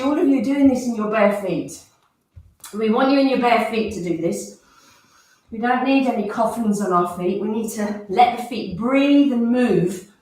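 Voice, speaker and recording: A woman leading a morning stretching and breathing class, coaching calmly with audible sighs and breaths. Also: on the high side. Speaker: movement and breath instructor. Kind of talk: guided exercise instruction. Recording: roomy sound from far off the mic.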